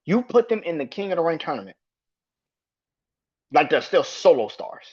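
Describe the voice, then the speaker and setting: A man's voice: on the high side, very animated, normal speed, husky. A man hosting a podcast, ranting about wrestling in a profane, exasperated way and laughing in disbelief. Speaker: podcast host. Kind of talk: heated rant about wrestling. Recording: dull lo-fi recording.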